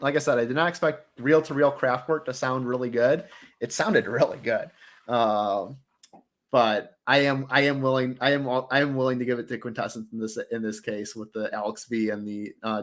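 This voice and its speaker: Casting: male host, casual review chat, eager and rambling, mid-range pitch. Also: fairly even intonation, normal speed, fairly bright tone. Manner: enthusiastic, rambling with restarts.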